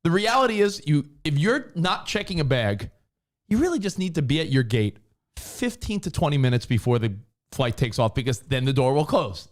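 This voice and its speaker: A man co-hosting a talk show, chatting casually and acting out quoted people. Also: moderate pace. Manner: animated, acts out quoted people with big pitch jumps. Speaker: co-host. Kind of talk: casual radio show banter.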